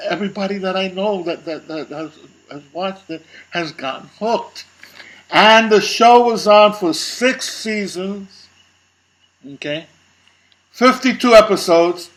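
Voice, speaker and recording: Emphatic man with a bright voice. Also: sits high, unhurried, rough recording. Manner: emphatic, repeats words, laughs. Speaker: co-host. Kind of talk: casual chat.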